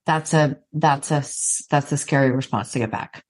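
Husky, very low-voiced woman host. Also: moderate pace, a little mellow. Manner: supportive, reacts with short affirmations. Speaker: podcast host. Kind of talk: empathetic interview.

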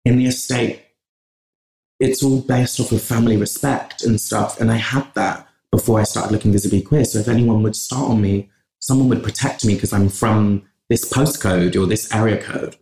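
A man's voice: on the low side, steady tone, normal speed, vocal fry, a little mellow. A man from in England, a podcast guest talking passionately in long runs with restarts. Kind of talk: conversational interview. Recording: roomy echo.

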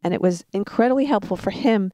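A woman's voice: medium pitch, fast, no echo. A middle-aged woman telling parenting stories in a casual chat, laughing now and then. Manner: warm storytelling with laughs.

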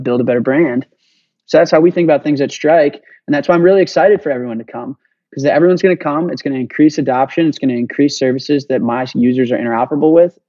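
A man talking as a podcast guest, passionate and fast-flowing, swearing casually as he makes his case. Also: mid-range voice, dark tone, no echo, lo-fi sound. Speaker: guest, payments company founder. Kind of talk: energetic podcast interview.

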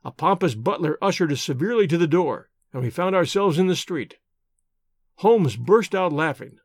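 A man narrates an audiobook with an expressive, animated storytelling delivery. His voice sits fairly high and the recording is dry and close. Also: normal speed, no room sound. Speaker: audiobook reader. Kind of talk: scripted narration.

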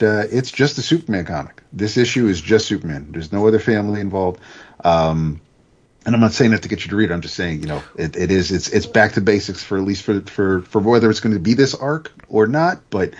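A man with a low, husky voice talks through a comic issue in a loose, halting way, full of restarts and filler words. The recording sounds dull and lo-fi. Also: a little mellow. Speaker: comics podcast host. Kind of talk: casual comic book recap.

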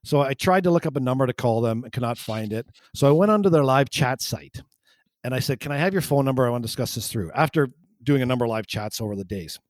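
A man in a casual podcast chat vents indignantly about a bad experience. His voice sits at middle pitch, and the recording is dry and close. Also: expressive, fast talker, dry recording. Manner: indignant ranting. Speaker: podcast co-host.

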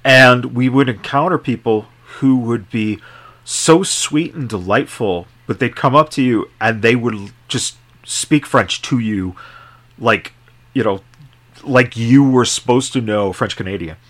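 Podcast host guy, middle pitch, rambles a lot, lots of ums and you knows. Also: a little slow, fairly bright tone. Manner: rambling, full of fillers and asides. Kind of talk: casual interview chat.

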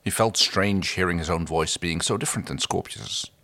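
A man co-hosting a podcast, narrating fan fiction in a steady way. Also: sits low, moderate pace. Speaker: podcast co-host. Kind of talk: reading fan fiction aloud.

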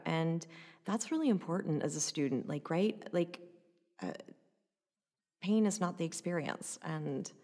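A woman recounting a personal story in an animated, conversational way, often adding "like" and "right?". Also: fairly low pitch, big-room sound.

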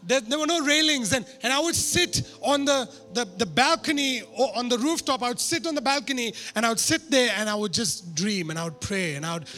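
A man preaching a sermon through a personal story, animated and poking fun at himself. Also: very high voice, a little fast, hardly any pauses, soft background music. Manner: animated, self-mocking humor.

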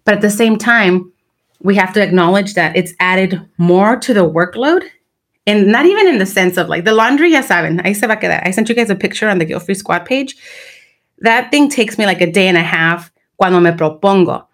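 A woman's voice: medium pitch, animated, brisk. A woman in her thirties co-hosting a podcast, talking candidly and slipping Spanish phrases into her English. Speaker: podcast co-host. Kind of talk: casual chat.

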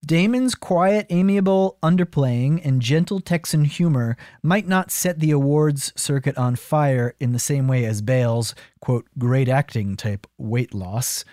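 A man's voice: mid-range voice, a little slow, few pauses, darkish tone, no echo, clean studio sound. A man co-hosting a comedy podcast, reading a film review aloud between jokes and laughter. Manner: reads review passages aloud, breaks into laughter. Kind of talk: casual comedic chat.

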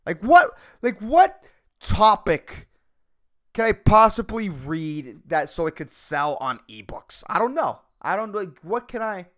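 A man hosting a comedy podcast on his own, talking in a loud, goofy, aggressive way and swearing freely. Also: high voice, sing-song, measured pace. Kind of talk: casual solo podcast talk.

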